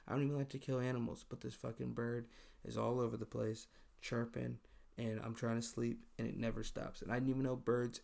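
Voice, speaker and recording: A man's voice: medium pitch, creaky, a little mellow. A man hosting his own podcast, talking alone in a loose, profane, exasperated rant. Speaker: podcast host. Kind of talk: casual solo podcast monologue.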